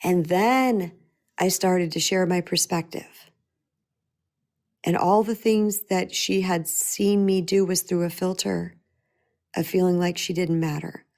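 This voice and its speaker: A woman's voice: lowish voice, steady tone, takes it slowly, a little mellow. A middle-aged woman speaking as a spiritual empowerment coach, earnest and emphatic, often repeating her key phrases. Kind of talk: motivational talk.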